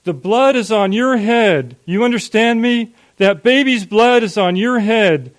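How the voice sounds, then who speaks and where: A man voicing a furious, condemning farmer father who yells at his son. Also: mid-range voice, measured pace, close to an everyday voice. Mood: enraged shouting. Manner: yelling, condemning.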